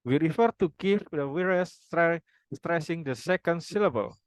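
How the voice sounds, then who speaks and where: A young man reading a prepared phonology presentation aloud, formal wording with halting restarts. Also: fairly high pitch, expressive, clean tone, no room sound, poor audio. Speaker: student presenter.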